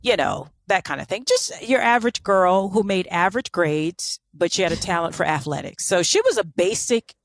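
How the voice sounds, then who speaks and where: A woman's voice: lowish voice, lively intonation, moderate pace, few pauses, no echo, clean studio sound. A woman co-hosting a podcast, telling a story in casual chat with sarcastic asides and lots of fillers. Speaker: podcast co-host.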